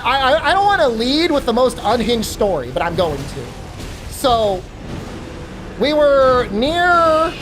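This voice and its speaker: A woman streamer chatting casually while gaming, telling an animated story with lots of fillers and free swearing. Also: on the high side, background noise.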